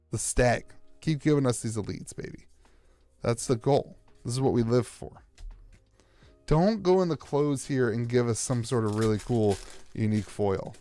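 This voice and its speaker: A man's voice: mid-range voice, mellow, no echo. Sarcastic self-mocking American man. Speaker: streamer opening trading card packs. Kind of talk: live-stream card opening banter.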